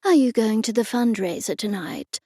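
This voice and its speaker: A woman's voice: fairly high pitch, expressive, moderate pace, dark tone, slightly rough, dry recording, studio quality. A woman voicing a smug young female rival who speaks sweetly but insincerely, in a storybook reading. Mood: gloating.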